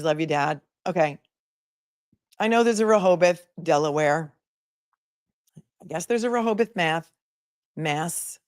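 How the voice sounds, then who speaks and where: A woman hosts a live commentary stream, relaxed and joking, and reads out messages from her chat along the way. Her voice is on the low side, and the recording is dry and close with no room sound.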